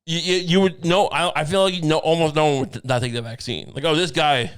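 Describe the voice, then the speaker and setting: Speaking a little fast, this co-host has a smooth, expressive voice pitched fairly high. His comedy podcast banter is rambling and profane, packed with absurd riffs.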